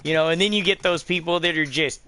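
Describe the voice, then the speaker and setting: A man's voice: on the high side, fairly even intonation, fast, pushed and bright, smooth. A middle-aged man chatting casually on a game stream, rambling through stories, swearing often and acting out the voices of the people in them. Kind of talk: casual chat on a live stream.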